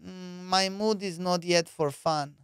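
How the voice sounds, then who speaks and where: Glum young woman with broken English, mournful and flat, as voiced by a male comic. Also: on the low side, clean tone. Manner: slow, flat, mournful delivery.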